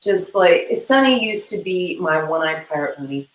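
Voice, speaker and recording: A woman's voice: fairly low pitch, expressive, roomy sound, rough recording. A woman co-hosting a casual livestream chat, rambling and giggling as she talks. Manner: giggly, rambling, quick asides. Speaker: co-host. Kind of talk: casual chat while cleaning tack.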